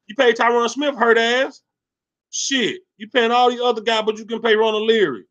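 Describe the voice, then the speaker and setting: A man hosting a sports livestream, ranting angrily and cursing, swinging between loud rants and low mutters. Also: fairly even intonation, normal speed, lo-fi sound. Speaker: sports channel host. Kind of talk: profane livestream sports rant.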